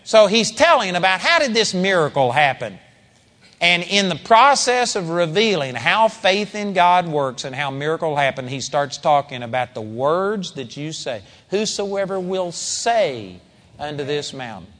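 High-voiced man preaching in a hall. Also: sing-song, normal speed, fairly bright tone. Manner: conversational preaching with dramatic emphasis. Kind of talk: sermon.

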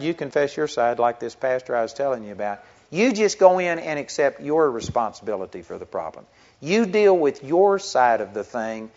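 A middle-aged man, a pastor, preaching a sermon in an earnest, conversational way that builds into emphatic stretches. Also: mid-range voice. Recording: dull lo-fi recording.

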